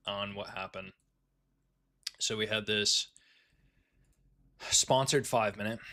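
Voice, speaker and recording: A man's voice: on the low side, bright, forceful tone, no echo, studio quality. A man giving casual live commentary on his day trades, laid-back and swearing freely as he talks with fellow traders.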